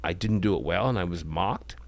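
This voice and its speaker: A man's voice: sits low, a little fast. A man talking as a comedian guest on a podcast, in a casual joking way. He often restarts and trails off into mumbles.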